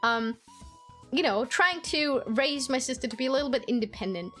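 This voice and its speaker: A woman with a bright, high voice chats with her stream audience and swaps childhood stories. She curses freely, laughs often and slips into squeaky impressions of her family. Soft music plays underneath. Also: animated, moderate pace. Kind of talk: casual storytelling chat with viewers.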